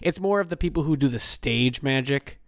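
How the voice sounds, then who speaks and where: A man of middle pitch telling a meandering story on a podcast, stumbling over starts and laughing along. His voice sits close to the mic in a dry space. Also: brisk, no room sound. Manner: rambling storyteller with restarts, laughs often. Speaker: podcast co-host. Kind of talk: casual chat.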